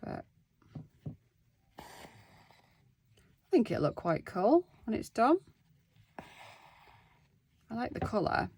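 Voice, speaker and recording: Chatty woman with a gravelly voice. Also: mid-range voice, very animated, takes it slowly, pauses often, a little mellow. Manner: chatty and self-deprecating, talks to viewers while working. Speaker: craft vlogger. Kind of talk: casual craft-along chat.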